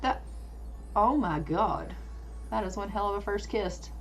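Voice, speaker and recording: A woman's voice: medium pitch, animated, a little slow, soft background music. A woman, chatting playfully through a life-sim game and laughing as she voices its characters. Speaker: gameplay host. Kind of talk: casual game commentary. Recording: dull, lo-fi audio with faint noise.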